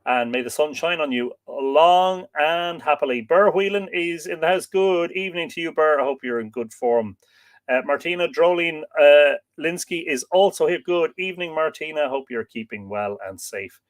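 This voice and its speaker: An Irish man hosting a live stream, reading out viewer comments and chatting in a relaxed, rambling way with lots of fillers. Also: a little high, normal speed. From Ireland. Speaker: host.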